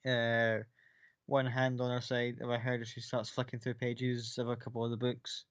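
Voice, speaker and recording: A man's voice: mid-range voice, monotone, normal speed, smooth. A man narrating a tabletop game as game master, in a casual way full of fillers and swearing. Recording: dull lo-fi sound.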